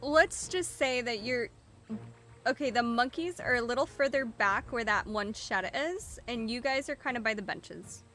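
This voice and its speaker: A young woman running a tabletop game as dungeon master, playful and quick with her questions, laughing often. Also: on the high side, a bit bright, faint music behind.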